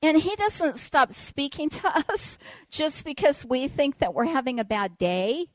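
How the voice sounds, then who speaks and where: A woman preacher telling a personal story in a sermon, animated and self-deprecating. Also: high-pitched, unhurried, no echo.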